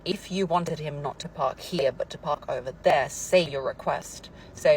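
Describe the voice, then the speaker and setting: A woman's voice: sits low, normal speed, few pauses, a little mellow, slight background noise, low-quality recording. A woman giving relationship advice in an emphatic, lecturing monologue.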